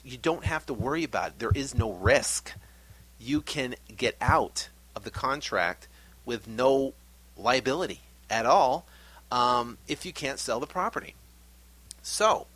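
A middle-aged man hosting a podcast, giving an energetic, animated pep talk. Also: medium pitch, breathy edge, no echo. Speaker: podcast host.

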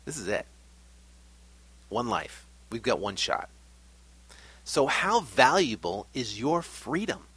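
Lively energetic male podcast host. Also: medium pitch, slow pace, long pauses, husky. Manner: energetic, animated, pep-talk delivery. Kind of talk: motivational podcast talk.

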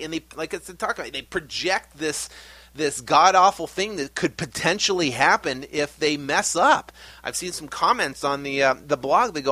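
A middle-aged man hosting a podcast, giving an energetic, animated pep talk. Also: fairly high pitch, moderate pace, dry recording. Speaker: podcast host.

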